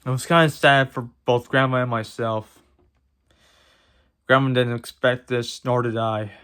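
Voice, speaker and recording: Man vlogger, tearful, halting delivery with stammered repeats, mid-pitched voice. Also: steady tone, a bit bright, clear, resonant tone. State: tearful, emotional. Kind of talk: personal vlog talk to camera.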